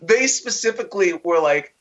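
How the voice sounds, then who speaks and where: A man's voice: high-pitched, expressive, normal speed, a bit bright. A man co-hosting a casual podcast, ranting profanely and mockingly about a bad movie. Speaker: podcast co-host. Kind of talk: casual movie review chat.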